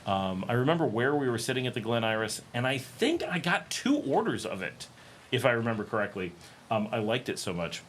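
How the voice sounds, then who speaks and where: On his livestream, a middle-aged man from the United States chats casually, rambling with plenty of ums and restarts. His medium-pitched voice is very animated and fairly quick, with slight background noise behind it.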